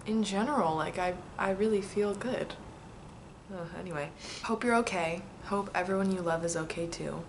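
Speaking at a moderate pace in a lowish voice, a woman in her twenties goes through a letter addressed to herself, answering its questions. Her tone is casual, chatty, excitable and reflective, with slight background noise.

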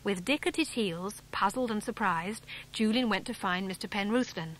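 A woman from England reading a children's adventure story aloud, clear and measured, lifting her pitch slightly for the young characters. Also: a bit bright. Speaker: audiobook narrator. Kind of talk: scripted storybook narration.

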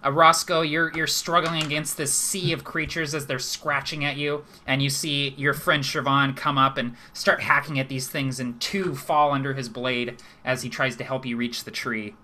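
Game master, male, bright tone, descriptive narration with pauses. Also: mid-range voice, flat delivery, a little hiss or hum.

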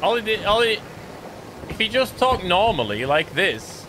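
A man commentating over his gameplay in loose, rambling chat. His voice is bright and slightly high, and he drifts into quiet mumbles. There is faint noise behind him. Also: animated, moderate pace. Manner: rambling, joking, trails off into mumbles. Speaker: gaming streamer.

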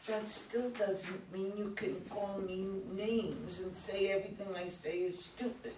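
A woman's voice: mid-range voice, steady tone, unhurried, natural voice. A woman playing an insecure, hurt teenage girl. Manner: pleading, hurt and defensive. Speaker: actor in a community reader's theater. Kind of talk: staged play reading. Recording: roomy, distant mic with faint noise.

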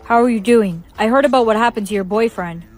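A high female text-to-speech voice reading a cold, scheming young man. The delivery is flat and synthetic, in storytime style. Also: quick pace, background noise, close to an everyday voice.

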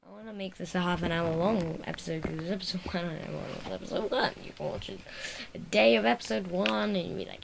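A voice rambles and giggles through silly let's play commentary, low and gravelly in tone. The recording is noisy, with keyboard clicks clattering behind. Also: female voice, fairly quick. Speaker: gaming video creator.

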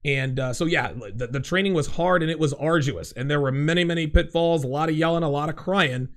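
A man in his forties hosting a live call-in show, talking in an animated, emphatic way and repeating his phrases. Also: fairly high pitch, brisk. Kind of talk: casual call-in chat.

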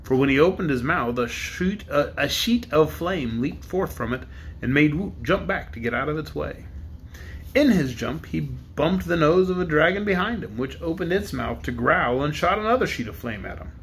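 Man narrator, storybook reading, measured, slightly higher voice, faint background hiss. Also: animated, fairly bright tone. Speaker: audiobook narrator.

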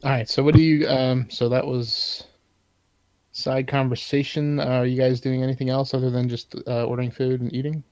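A man acting as game master, narrating casually with pauses. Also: medium pitch, little pitch movement, darkish tone, dry recording, low-quality recording. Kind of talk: running a tabletop game.

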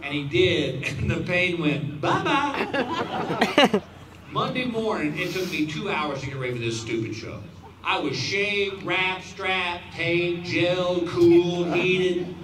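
A man in his fifties doing stand-up, telling a long story in a folksy way and quietly acting out the other people's lines. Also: high voice. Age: 50s. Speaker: stand-up comedian. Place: outdoor stadium stage. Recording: roomy, distant audience recording with crowd noise.

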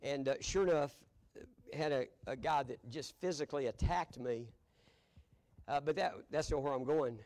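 An older man with a drawl preaches in a church, leaning into folksy storytelling. His voice sits high for a man, and he chuckles easily between lines. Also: moderate pace, a little mellow. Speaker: pastor. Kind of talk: storytelling sermon. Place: church sanctuary.

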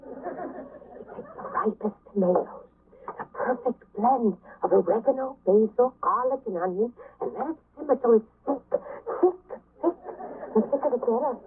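A woman's voice: on the high side, normal speed, husky. A woman acting a mother in a commercial, fondly explaining a recipe. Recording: tinny, thin old TV audio.

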